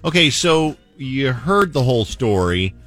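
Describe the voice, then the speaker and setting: A man hosting a radio show, chatty and energetic, talking to listeners and callers. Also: medium pitch, measured pace, faint music behind. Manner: energetic, chatty, acts out voices. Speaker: radio morning show host.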